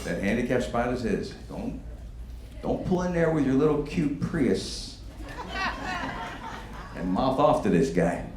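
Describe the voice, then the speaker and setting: A man doing a stand-up comedy set in a brash, profane way, with animated bursts. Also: medium pitch, unhurried, long pauses, a crowd in the background. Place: comedy stage before a live audience. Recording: echoey room with loud background noise.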